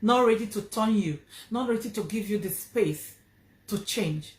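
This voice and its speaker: A woman's voice: medium pitch, unhurried, roomy sound, slight background noise. A woman with a Nigerian accent telling a personal story to her vlog audience, earnest and emphatic, repeating phrases for stress. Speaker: vlogger.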